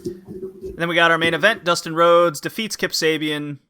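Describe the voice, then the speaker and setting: A man hosts a casual podcast and recaps wrestling shows with lively energy. His voice sits fairly high and sounds bright and forward, and he jumps into put-on voices to act out the wrestlers' lines. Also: normal speed, clear, resonant tone. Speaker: podcast host.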